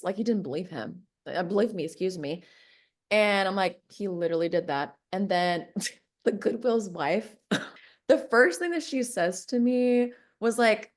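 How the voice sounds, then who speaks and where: A woman with a middle-pitched voice chats through a personal story on a podcast. She leans on fillers like "like" and "whatever". She jumps way up in pitch to act out what other people said. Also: moderate pace. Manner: animated, acts out quoted voices with big pitch jumps; filler-heavy, says like and whatever often. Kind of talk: casual storytelling chat.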